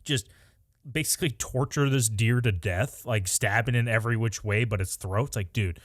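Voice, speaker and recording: A man with a lowish voice rambles through an easygoing podcast chat. He laughs and acts out little quoted exchanges along the way. The recording is close and dry. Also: moderate pace, no echo. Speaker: podcast co-host. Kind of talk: casual chat.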